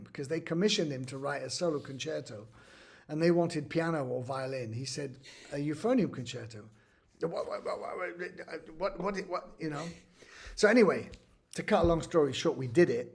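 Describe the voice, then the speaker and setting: A man's voice: a little high, gravelly. A man, a guest musician, talking animatedly in a conversational interview and often saying "you know". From United Kingdom.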